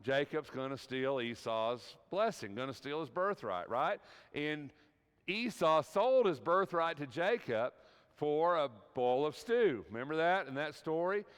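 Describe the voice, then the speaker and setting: A man's voice: a little high, expressive, measured pace, fairly bright tone, clean tone. A man teaching an evening Bible class at a church, talking conversationally and often checking in with his listeners. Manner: conversational, keeps checking in with "right?". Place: church hall. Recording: long hall reverb.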